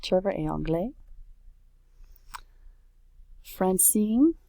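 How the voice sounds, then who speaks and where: A woman's voice: mid-range voice, expressive, unhurried, vocal fry, dark tone, no echo. A woman French teacher talking casually through a worksheet, correcting herself and saying oops as she goes. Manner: chatty, self-correcting, says oops often.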